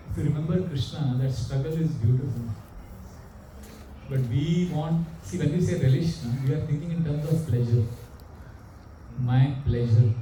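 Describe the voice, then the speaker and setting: A man preaches in an animated way, asking his listeners questions as he goes. His voice is fairly high for a man yet mellow in tone. The recording is roomy and distant, with a faint background hum. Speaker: monk preacher. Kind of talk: sermon with storytelling. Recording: echoey room, mic far off.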